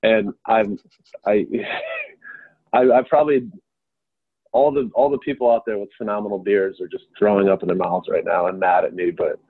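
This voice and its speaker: A man's voice: lowish voice, fairly even intonation, moderate pace, long pauses, husky, no room sound. A young man chatting as a podcast guest, rambling and self-deprecating, often stammering and restarting his sentences. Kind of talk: casual chat. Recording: tinny phone-like remote call line.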